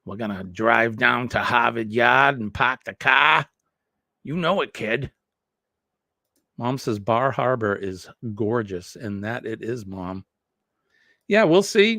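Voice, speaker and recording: A man hosts a relaxed morning live stream. He rambles easily from one thing to the next and reads viewer comments aloud, in an even middle voice. The sound is dry and close, with little room echo. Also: mid-range voice, a little slow. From New England. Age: 50s. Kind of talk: casual morning live chat.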